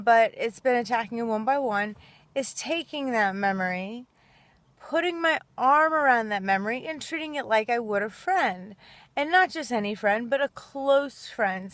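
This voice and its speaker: A woman's voice: a little high, dry recording. A woman speaking earnestly and casually to camera, rambling a little and acting out small quoted exchanges. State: choked up. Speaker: self-help video host. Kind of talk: casual heartfelt talk to camera.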